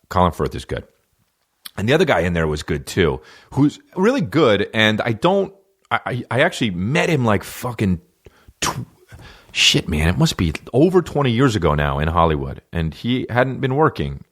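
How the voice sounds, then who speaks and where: Middle aged dude w a real low voice, swearing a ton, rambling podcast talk. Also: male voice, big pitch swings, normal speed. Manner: profane, loose, restarts and tangents. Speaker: podcast host. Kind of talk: casual rambling monologue.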